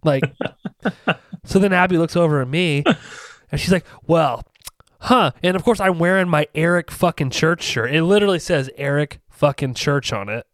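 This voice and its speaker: A man's voice: on the high side, normal speed, no echo. A man in his thirties chatting casually, joking as he tells family stories and acts out the dialogue. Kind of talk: casual chat.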